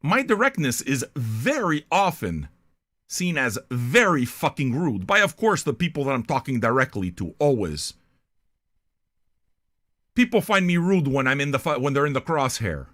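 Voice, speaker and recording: A man's voice: medium pitch, sing-song, moderate pace, fairly bright tone. An older man from Canada, hosting a music reaction show in a blunt, profane, rambling monologue.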